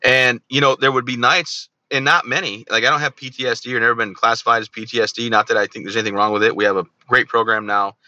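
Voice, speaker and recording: A man's voice: mid-range voice, fairly even intonation, fast talker, hardly any pauses, bright, forceful tone, dry recording, muffled recording. A man in his thirties, a veteran guest on an interview show, telling his own story candidly and animatedly, often acting out remembered dialogue. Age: 30s.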